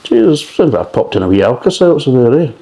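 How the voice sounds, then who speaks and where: A man's voice: mid-range voice, big pitch swings, fast talker, vocal fry, dark tone, poor audio. A middle-aged man with a Scottish accent reviewing beer in a blunt, grumbling way and swearing often.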